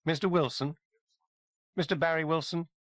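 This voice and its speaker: A man's voice: a little high, steady tone, moderate pace, a bit bright, dry recording, voice pushed up, lightly acted. A man voicing a polite, formal British army lieutenant with an English accent, clipped and insistent. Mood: polite urgency.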